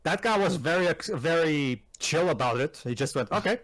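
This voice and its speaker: A man's voice: fairly high pitch, lively intonation, moderate pace, a bit bright, rough recording. A man co-hosting a casual movie commentary, hesitant and full of fillers and restarts.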